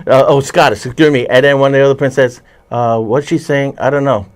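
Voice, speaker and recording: A man's voice: mid-range voice, fairly even intonation. A man hosting a casual chat about movies and TV, rambling with many restarts and self-corrections. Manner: puts on quick voices when retelling scenes. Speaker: host.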